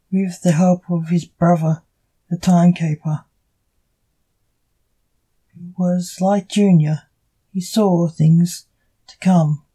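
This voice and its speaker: A woman reading her own story aloud as storyteller, in a slow, even amateur reading. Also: on the low side, husky, rough recording.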